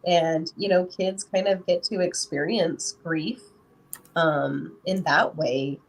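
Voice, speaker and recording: A woman's voice: on the low side, steady tone, slow pace. A woman guest on a podcast, talking casually as a parent and filling her speech with lots of "you know". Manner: rambling, full of "you know" fillers. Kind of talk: casual interview talk.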